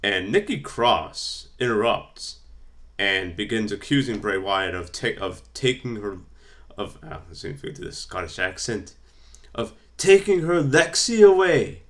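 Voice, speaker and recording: This wrestling vlogger has a fairly low, sharp-toned voice and talks at a normal speed. Reading off his notes, he rambles through some casual fantasy-booking commentary, stuffing it with fillers.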